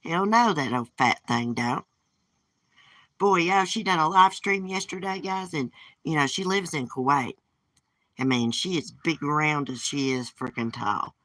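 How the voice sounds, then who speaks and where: A woman's voice: low voice, unhurried, a bit bright, no room sound. A woman hosting a casual live stream from her porch, talking in a blunt, gossipy and profane way. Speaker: livestream host. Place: outdoors on a porch.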